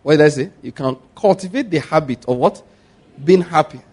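This pastor's sermon comes in a brisk, somewhat high voice with a breathy edge. He animates his stories and keeps testing the congregation through call-and-response questions.

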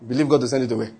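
A man's voice: mid-range voice, dark tone, slightly rough. A man with a Nigerian accent, a pastor preaching a sermon in a joking, conversational way with pidgin asides.

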